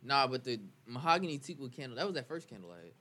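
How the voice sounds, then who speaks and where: A man in casual podcast chat, telling quick stories and jokes to his friends. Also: mid-range voice, animated, pushed and bright. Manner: fast, storytelling, joking.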